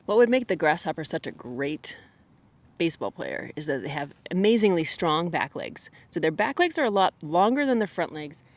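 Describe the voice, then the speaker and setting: A woman's voice: low voice, very animated, normal speed. A woman, a park ranger, chatting as a guest outdoors, teasing and laughing often. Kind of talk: casual interview chat.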